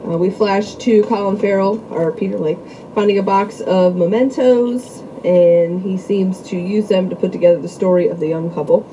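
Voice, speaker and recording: A woman's voice: medium pitch, fairly even intonation, moderate pace, dark tone. Woman recapping a movie plot, noisy line. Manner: reads out a plot summary, laughs often. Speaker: podcast co-host. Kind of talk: casual movie-recap chat.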